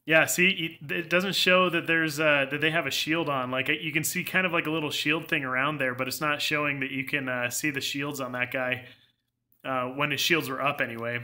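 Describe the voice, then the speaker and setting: A man's voice: a little high, fairly even intonation, moderate pace, pushed and bright. A young man giving casual live gameplay commentary, rambling through filler words and laughing often. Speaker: game streamer.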